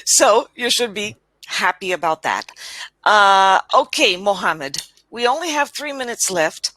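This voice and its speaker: A woman English tutor on a video call, speaking in a deliberately unhurried, crisp-toned way. She is patient and encouraging, modelling each word with careful enunciation, over a dry close line. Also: medium pitch, animated, pushed and bright, no room sound. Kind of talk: online one-on-one language lesson.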